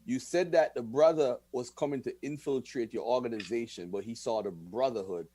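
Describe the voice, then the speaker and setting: A man hosting and moderating a live-stream debate, asking questions in a measured way. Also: mid-range voice, warm tone.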